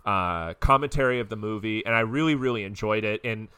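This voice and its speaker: A man co-hosting a podcast, talking in a relaxed, rambling way with plenty of fillers. His voice is bright and forward, recorded dry and close. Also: on the low side, a little fast, smooth, no echo. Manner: conversational, hedging with fillers. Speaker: podcast co-host. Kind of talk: casual chat.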